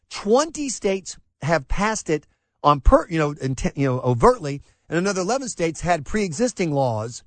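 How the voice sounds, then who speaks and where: A man's voice: high-pitched, no echo. A man hosting a talk radio show, delivering sarcastic, emphatic commentary full of rhetorical questions.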